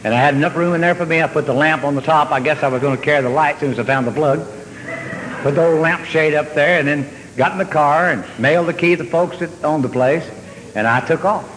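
A man telling a long comic story on stage, drawling and deadpan, then jumping up in excitement. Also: a little high, quick pace, slight background noise. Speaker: comedian. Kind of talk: stand-up storytelling. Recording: hall reverb with faint ambience.

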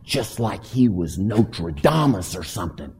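A man telling his recovery story to a live audience in a folksy, animated way. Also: low-pitched, moderate pace, slightly rough. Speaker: speaker at a recovery meeting. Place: meeting hall with audience. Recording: long hall reverb.

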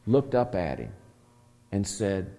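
A man's voice: low-pitched, very animated, takes it slowly, creaky, mellow, long reverb tail. A man leading a recovery meeting, telling a long story in a rambling, folksy way full of fillers. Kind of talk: storytelling talk to a group.

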